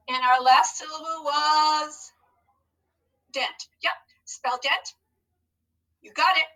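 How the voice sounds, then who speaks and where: Slow bright-voiced woman teacher. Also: high-pitched, far from the mic, low-quality recording. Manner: slow, encouraging, modelling each syllable. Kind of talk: phonics lesson video.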